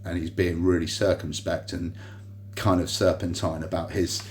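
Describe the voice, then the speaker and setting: A man's voice: deep voice, flat delivery, normal speed, darkish tone, a little hiss or hum. A man in a hospital room, rambling through a personal story to a phone on a tripod, full of fillers and restarts. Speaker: vlogger recounting a personal grievance. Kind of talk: rambling monologue to camera.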